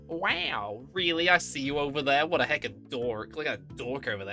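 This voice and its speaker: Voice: medium pitch, sing-song, moderate pace, sharp tone, soft background music. A streamer chatting live, greeting viewers with bubbly, goofy exclamations.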